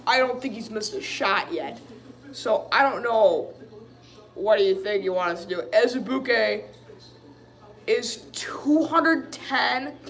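A man giving a live play-by-play reaction as a frustrated fan, calling plays, venting and saying "dude" often. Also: very high-pitched. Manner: excitable, frustrated partisan fan who keeps saying "dude".

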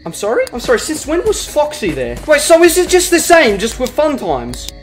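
A young adult, doing let's play commentary and trash-talking the game in crude, excitable bursts. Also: sits high, normal speed. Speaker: gaming channel host. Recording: game music playing loudly behind.

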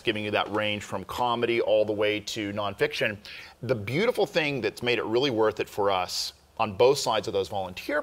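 A man's voice: medium pitch, fairly bright tone. Male co-host, filmmaker, earnest and explanatory, mid-range voice. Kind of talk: casual podcast chat.

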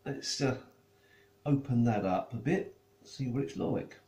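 A man's voice: medium pitch, unhurried, warm tone. A man chatting casually as he reviews food, tasting and eating while he talks. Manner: chatty, tastes and eats while talking. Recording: echoey room.

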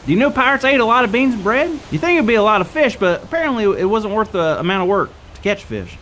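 A goofy, excitable would-be pirate, played by a man swoops his voice all over the place between bright highs and put-on growls. He is a silly kids' show character who is scared of fire. A faint hiss sits under the recording. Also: fast talker. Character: silly wannabe pirate named Carl, male, excitable and fire-fearing. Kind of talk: playful kids' ministry comedy bit.

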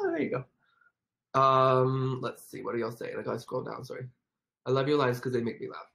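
A young adult hosting a casual home livestream, reading viewer comments aloud, effusive and quick to laugh, sometimes cooing baby talk to a dog. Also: mid-range voice, fairly even intonation, creaky, fairly bright tone. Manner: giggly and effusive, laughs often. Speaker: livestream host.

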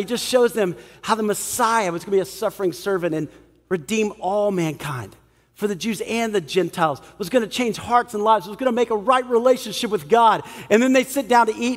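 In a church hall with a big-room sound, a pastor with a high-pitched voice delivers his sermon. He brings the story's characters to life, performing their parts with animated energy.

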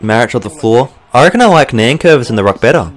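Fast-talking and medium-pitched, a young Australian YouTuber gives running let's-play commentary on the football video game he's playing. Swearing and excitable, he gets heated with bursts of frustration.

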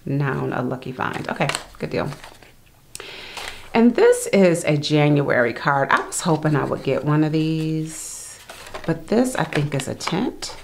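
A woman's voice: sits low, creaky, slight background noise, rough recording. A woman chatting casually as she unboxes planner supplies and murmurs to herself while handling each item.

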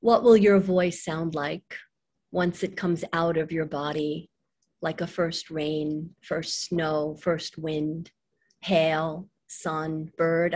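A middle-aged woman, reading her own poems on a video call, slow and quiet on the lines. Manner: slow, soft reading voice that drops low on the lines. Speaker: poet reading her work. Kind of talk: poetry reading with chat between poems.

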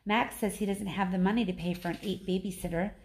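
A woman reads a children's novel aloud to her class with steady narration. Her voice sits at a plain middle pitch. She stumbles and restarts now and then but keeps the story moving. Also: fast talker. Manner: steady first-person narration with small slips and restarts. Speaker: teacher reading aloud.

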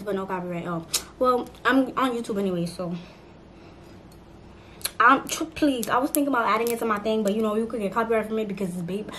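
An eighteen-year-old woman vlogging at home, chatty and playful, talking straight to her viewers. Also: fairly high pitch. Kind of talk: casual chat to camera. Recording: noisy home recording.

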